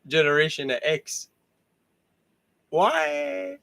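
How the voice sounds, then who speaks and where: A man's voice: a little high, sing-song, very slow, vocal fry, fairly bright tone. A man hosting his own show in a casual, rambling monologue, laughing often and swearing freely. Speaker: host.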